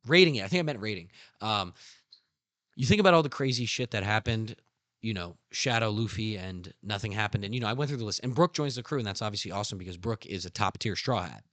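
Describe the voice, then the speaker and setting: A young man hosting a casual podcast who talks excitedly, swears a lot and acts out scenes. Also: lowish voice, quick pace, no room sound. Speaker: podcast host. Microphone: studio podcast mic.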